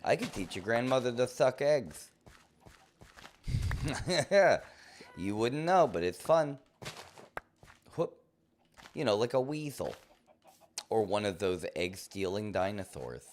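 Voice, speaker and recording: A man's voice: lowish voice, very animated, unhurried, long pauses, darkish tone, a little hiss or hum. A man streaming a game live, talking in a playful, rambling way full of silly jokes. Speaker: gaming streamer. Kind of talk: live gameplay commentary.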